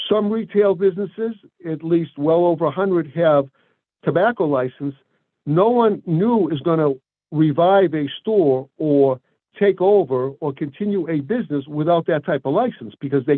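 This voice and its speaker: A man from Brockton speaks as an attorney before a board, choosing formal words and pausing often on filler sounds. His voice sits fairly high for a man. The sound is dry and squeezed into a narrow, phone-like band. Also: no echo. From Brockton, Massachusetts. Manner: deliberate, formal phrasing with frequent hesitations. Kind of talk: formal public address at a board meeting.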